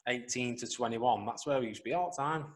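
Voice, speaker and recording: Earnest northern English bloke chatting. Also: male voice, mid-range voice, fast talker. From northwest England, near Wigan. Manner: earnest, animated, swears casually. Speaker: podcast co-host. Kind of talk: casual podcast chat.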